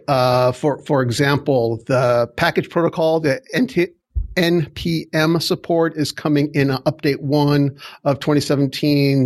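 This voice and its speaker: A middle-aged man hosting a casual tech podcast, talking in a rambling, chatty way and often correcting himself mid-sentence. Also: on the high side. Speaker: podcast host.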